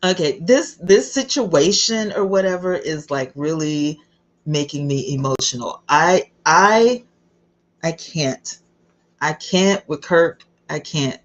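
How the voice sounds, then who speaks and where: A woman hosting a casual livestream, chatty and emotional, greeting viewers by name as she talks. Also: low-pitched. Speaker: livestream host.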